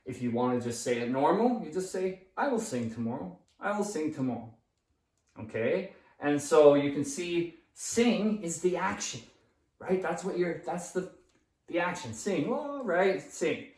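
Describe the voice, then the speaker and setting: A man's voice: a little high, animated, a little slow, darkish tone. Patient male teacher in an echoey room. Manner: patient, repeats key phrases, checks in with "okay?". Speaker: English teacher. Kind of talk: whiteboard grammar lesson. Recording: echoey room, voice far from the mic.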